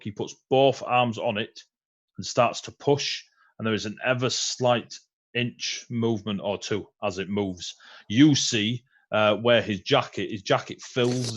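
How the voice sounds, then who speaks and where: A man narrating a tabletop game as game master, relaxed and chatty, with frequent ums and laughs. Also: medium pitch, lo-fi sound. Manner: relaxed, laughing often, many ums and uhs.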